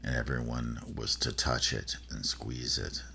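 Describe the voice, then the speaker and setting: Very deep, gravelly male storyteller. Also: flat delivery, sharp tone, slight background noise. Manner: rambling, halting, many fillers and restarts. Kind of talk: personal storytelling.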